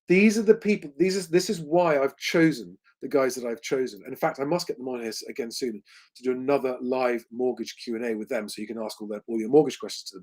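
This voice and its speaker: A man's voice: mid-range voice, a little mellow. Guy doing a live q&a, casual and rambly, lots of ums, middle-aged sounding. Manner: conversational, rambling, frequent ums and restarts. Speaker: host. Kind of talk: livestream Q&A.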